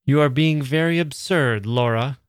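A man's voice: mid-range voice, animated, a little slow, dry recording, studio quality. A man reading aloud, voicing a poised upper-class mother who talks in an airy, condescending way.

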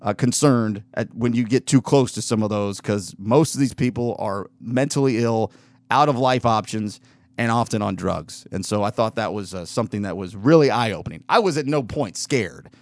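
A man's voice: on the low side, moderate pace, no room sound. A man hosting a show, telling a casual story in a rambling way, with lots of restarts and fillers. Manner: rambling, self-interrupting, with fillers and laughs. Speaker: podcast host.

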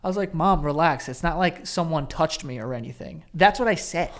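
A man's voice: fairly high pitch, brisk. A man in his thirties co-hosting a podcast, telling laid-back stories in casual chat and acting out the voices of the people in them. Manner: laid-back storyteller, acts out quotes. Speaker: podcast co-host.

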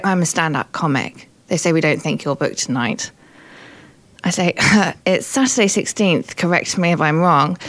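A woman stand-up comedian chatting on radio, wry and self-deprecating. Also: fairly low pitch. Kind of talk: casual radio chat.

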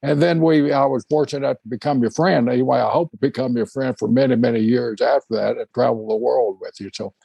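A man hosting a casual chat, telling rambling stories with many halting restarts. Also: mid-range voice, creaky, mellow, husky, dry recording. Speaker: podcast host.

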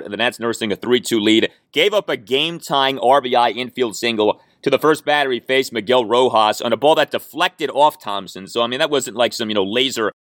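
Male sports podcast host, lively pitch swings, dry booth sound, opinionated stat talk. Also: no echo. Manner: opinionated, stat-heavy, emphatic. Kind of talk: solo sports commentary podcast.

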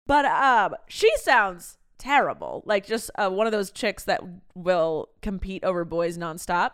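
A woman's voice: medium pitch, expressive, unhurried, smooth. A woman in her thirties hosting a podcast, chatting casually and reading her old diaries aloud, swearing freely and laughing at herself. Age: 30s. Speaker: podcast host.

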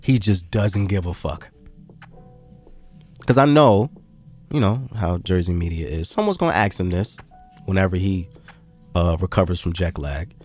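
Slangy, laid-back deep-voiced man. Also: normal speed, pauses often, soft background music. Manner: slangy, animated, mocks others in a high squeaky voice. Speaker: podcast host. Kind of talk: casual podcast chat.

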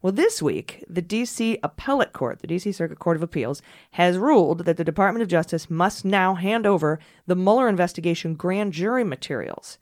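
A woman hosting a podcast, thanking her co-host and then explaining the week's news in an energetic, digressive way. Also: fairly low pitch, fairly quick, few pauses, no echo, clean studio sound. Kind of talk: casual podcast chat and news rundown.

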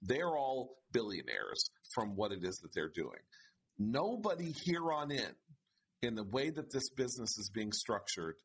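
A man's voice: on the low side, very animated, measured pace, a bit bright, a little hiss or hum. A man co-hosting a casual conversation, building his points step by step.

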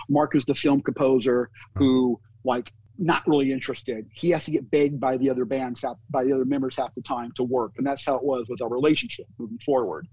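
Husky man telling a lively story. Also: mid-range voice, low-quality recording. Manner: animated storyteller, acts out quotes of others. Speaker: concert promoter and booking agent. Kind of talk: casual storytelling in a podcast interview.

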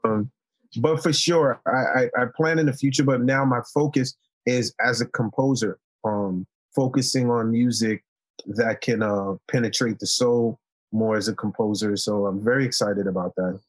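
A man from Haiti, a guest in a casual interview, telling stories in a relaxed, playful way and laughing often. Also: mid-range voice, moderate pace, no room sound.

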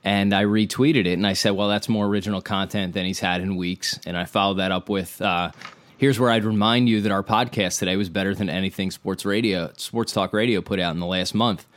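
A man, hosting a podcast and retelling a story in a rambling, animated way with quoted dialogue. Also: sits low, brisk. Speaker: podcast host. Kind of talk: casual podcast chat, storytelling.

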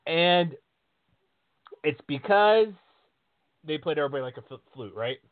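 A male podcast host with a somewhat high voice talks sports in loose, rambling chat, often restarting his sentences. The sound comes through a tinny, phone-like line. The room is dead and dry. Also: animated, moderate pace, dry recording.

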